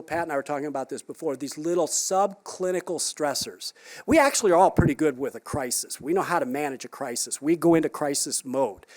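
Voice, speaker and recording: Male psychologist presenter, slightly high voice, conversational conference talk, wry asides, rhetorical questions to the room. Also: darkish tone. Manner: wry, down-to-earth humor.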